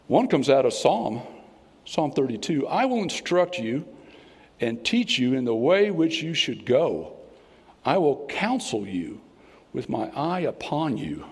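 A man's voice: medium pitch, very animated, measured pace, a little mellow, breathy edge. A man with a Southern accent giving a folksy, conversational sermon as a guest speaker in an auditorium. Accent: American Southern. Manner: folksy, conversational preaching with playful voices. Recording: long hall reverb.

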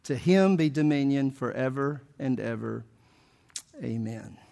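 A man's voice: medium pitch, unhurried, gravelly, warm tone. A man preaching a sermon, emphatic and asking the congregation questions as he goes. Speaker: pastor.

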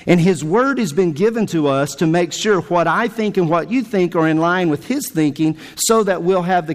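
A man preaching a sermon as pastor, emphatic, with lively swings in pitch. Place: church sanctuary. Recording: long hall reverb.

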